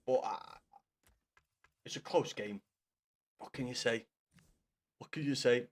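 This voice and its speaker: A man with a Scouse accent, chatting casually to his chat while he streams a game, swearing freely. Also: a little high. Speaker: gaming streamer.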